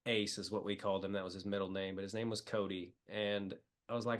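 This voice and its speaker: A man's voice: lowish voice, little pitch movement, quick pace, hardly any pauses. A middle-aged man from the Midwest, a comedian talking as a podcast guest, telling emotional stories with many fillers. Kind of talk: casual interview chat.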